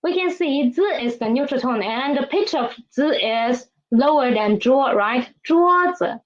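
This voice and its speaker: Woman, Mandarin Chinese accent, slow careful delivery, higher voice, slightly dull recording. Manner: slow, patient, modeling tones for repetition. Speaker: Chinese teacher. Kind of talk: language lesson.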